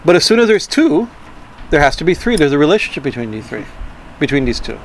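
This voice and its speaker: A man giving an informal talk on Tantra philosophy. He speaks haltingly, repeats words and keeps asking "right?". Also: a little high, big pitch swings, a little hiss or hum, low-quality recording. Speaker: spiritual teacher.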